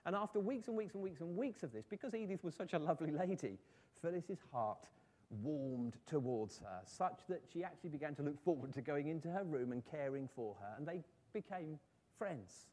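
A man's voice: fairly high pitch, lively intonation, moderate pace, darkish tone. A man preaching a sermon, telling a story in an earnest voice and rising to fervent appeals.

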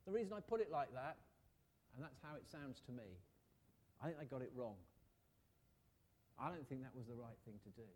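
A man's voice: mid-range voice, lively intonation, moderate pace, long pauses, darkish tone, slightly rough. A man preaching a sermon in a conversational way, asking rhetorical questions and briefly acting out the people in his story.

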